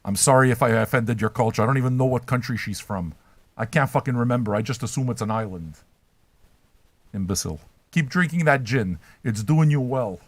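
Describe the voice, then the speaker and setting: A man's voice: mid-range voice, fairly quick, dry recording. An older man hosting a livestream, chatting with his viewers in a profane, trolling, rambling way. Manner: brash, trolling, swears constantly. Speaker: livestream host reacting to chat.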